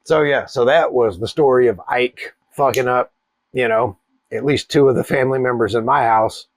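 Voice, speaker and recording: A man, telling a wild personal story in a profane, animated way. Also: medium pitch, moderate pace, no echo. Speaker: cigar channel host. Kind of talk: casual storytelling.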